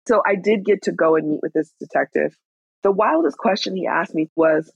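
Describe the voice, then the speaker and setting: A woman's voice: lowish voice, a little fast, creaky, slightly rough, dry recording, lo-fi sound. A woman in her thirties telling her own story in a frank, candid way, blunt and swearing at times. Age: 30s. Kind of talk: personal storytelling.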